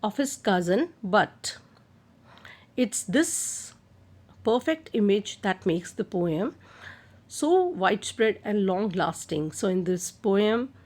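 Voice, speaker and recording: A woman's voice: mid-range voice, big pitch swings, slow pace, a little mellow. A woman giving a recorded literature lecture on a poem, explaining step by step and repeating key terms with occasional "uh" fillers.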